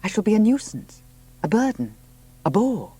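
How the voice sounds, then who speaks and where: A man reading the part of an impulsive young pregnant woman who exclaims and shouts when upset. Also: high voice, big pitch swings, moderate pace, breathy edge, no room sound, pitched above the performer's own voice, heavily acted. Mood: wondering. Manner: exclamatory, raising her voice to a shout.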